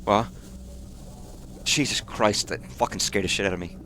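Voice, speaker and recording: A man's voice: fairly low pitch, normal speed, background noise. A man hosting a let's play, muttering and swearing at the screen, with startled reactions. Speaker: host of a gaming channel.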